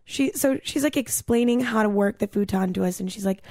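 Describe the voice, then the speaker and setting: Young woman spilling a story, kinda high voice, lots of "like", swears, dry close sound. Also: quick pace, few pauses, a little mellow, no room sound. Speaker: podcast co-host telling a story. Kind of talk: casual storytelling chat.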